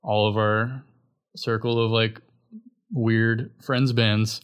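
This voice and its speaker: A man's voice: lowish voice, level tone, slow pace, clean tone. A young man chatting casually as a podcast guest, rambling loosely with lots of filler words. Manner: rambling, filler-heavy, laid-back. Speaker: guest musician.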